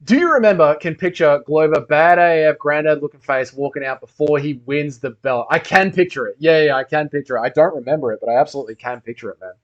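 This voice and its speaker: A man's voice: on the high side, fast talker, few pauses. A man hosting a casual livestream, reading comments and rambling with lots of swearing. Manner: loose, rambling, swears a lot. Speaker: livestream host. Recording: dull lo-fi stream audio.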